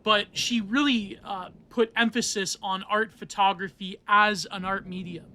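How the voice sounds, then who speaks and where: A man's voice: high voice, steady tone, measured pace, pushed and bright. A man hosting a solo podcast, rambling through art theory with many fillers and restarts. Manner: rambling, digressive, many fillers and self-corrections. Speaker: podcast host.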